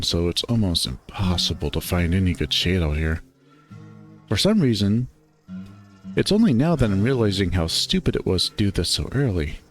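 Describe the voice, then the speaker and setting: A man reading a visual novel aloud in unhurried, expressive first-person narration. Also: fairly low pitch.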